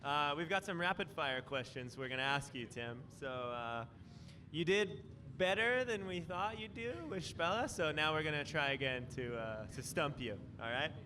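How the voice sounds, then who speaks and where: A man asking quick playful questions from a bar area at an event. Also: a little high, animated, sharp tone, a little hiss or hum. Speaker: interviewer. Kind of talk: rapid-fire questions.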